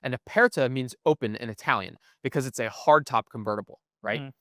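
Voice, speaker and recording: A man's voice: mid-range voice, fairly quick, fairly bright tone, no echo, studio quality. A young man co-hosting a podcast, explaining things at length in casual chat and often asking "right?". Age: young adult. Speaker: podcast co-host. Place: museum.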